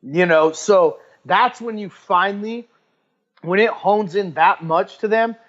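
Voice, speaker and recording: An animated man with a fairly high voice, chatting as a podcast guest. He rambles and repeats himself as he talks about his clients. The recording sounds a bit dull and lo-fi. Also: unhurried. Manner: animated, rambling, repeats words and quotes others. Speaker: podcast guest and fitness coach. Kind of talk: casual interview chat.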